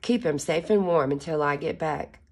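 A woman voicing a motherly hen in a storybook, speaking in a gentle, coaxing way. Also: sits low, normal speed.

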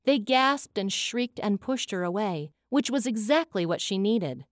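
A woman reads a fantasy audiobook with an expressive, dramatic lilt. Her voice sits at an ordinary middle pitch. The sound is dead dry and close to the mic. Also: unhurried, dry recording. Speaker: audiobook narrator. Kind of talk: scripted audiobook narration.

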